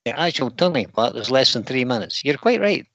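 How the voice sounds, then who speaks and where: Host, male, casual livestream chat, reads out comments, bright forward tone, dry close sound. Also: mid-range voice, big pitch swings, a little fast, no room sound, lo-fi sound. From United Kingdom. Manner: chatty, reads viewer comments aloud. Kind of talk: casual live-stream chat reading comments.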